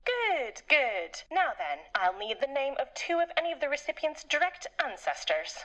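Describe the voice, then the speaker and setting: An actress voicing a brisk, officious female clerk at a delivery company. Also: high-pitched, big pitch swings, fairly bright tone. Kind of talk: video game voice acting.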